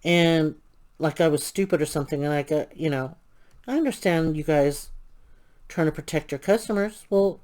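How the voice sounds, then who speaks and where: A woman hosting a crafting channel, telling an indignant, animated story about a customer service complaint while she works on a craft. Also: low voice, normal speed.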